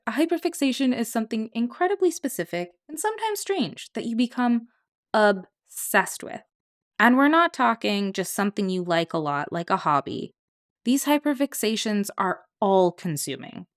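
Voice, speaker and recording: A woman hosting a podcast, giving an upbeat, lightly joking scripted introduction. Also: a little high. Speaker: podcast host.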